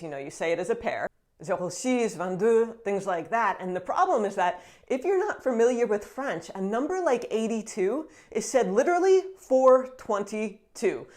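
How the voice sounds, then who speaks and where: Woman vlogger, 30s, from the US. Casual and chatty to camera, upbeat, lots of fillers and light laughter. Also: mid-range voice. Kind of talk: casual vlog talk to camera.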